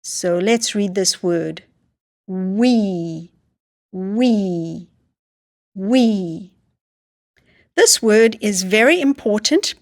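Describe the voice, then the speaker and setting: A woman teaching English phonics to learners, sounding out each word slowly and repeating it. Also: medium pitch. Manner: slow, deliberate, sounding out words with repetition. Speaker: reading teacher.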